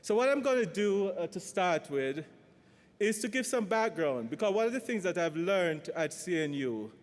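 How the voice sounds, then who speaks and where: A man introducing a speaker at a conference, talking in a halting way with restarts. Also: sits high, very animated. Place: large conference hall. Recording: long hall reverb.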